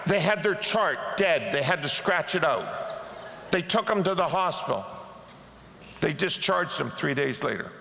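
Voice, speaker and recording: A man's voice: a little high, a little slow, creaky, slight background noise. A man preaching a sermon, telling stories with animation and acting out the people in them. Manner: animated storyteller who acts out the people in his stories. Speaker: pastor. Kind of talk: sermon storytelling. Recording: echoey hall.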